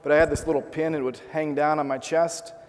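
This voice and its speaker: A man with a slightly high voice delivers an earnest sermon, weaving a personal story into rhetorical questions for his congregation. His words carry the long reverb of a large church hall. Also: little pitch movement, brisk, a little mellow. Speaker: pastor.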